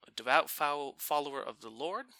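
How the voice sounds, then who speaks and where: A man telling a family story in a casual chat, animated and often breaking off to restart his sentences. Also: on the high side, brisk, vocal fry, no room sound. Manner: animated, self-interrupting.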